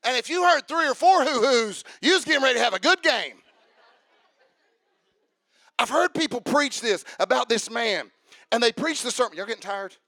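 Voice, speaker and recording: High, bright-voiced preacher. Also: male voice, animated, moderate pace, pauses often, no echo, a faint crowd. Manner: humorous, calls out to the congregation; builds to shouted emphasis. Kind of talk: sermon.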